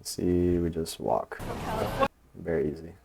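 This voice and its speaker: A man coaching in a casual instructional voice-over, relaxed and loose, with lots of fillers. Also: deep voice, takes it slowly, creaky, background noise. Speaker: dating coach.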